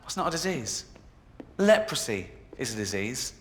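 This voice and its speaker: A man's voice: mid-range voice, big pitch swings, moderate pace, a crowd in the background. A man performing a stand-up comedy routine in a comedy club, with a mocking, sarcastic delivery. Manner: mocking, sarcastic, jokey put-downs. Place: comedy club in a video game.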